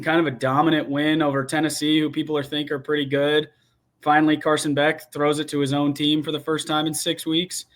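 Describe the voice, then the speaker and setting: Young man, slightly high voice, rambling animated sports take, casual chat. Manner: rambling, restarts often, animated opinions. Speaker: guest football commentator.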